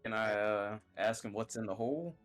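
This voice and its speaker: A man's voice: lowish voice, moderate pace, soft background music. A man as a player in a tabletop game, talking hesitantly with many fillers.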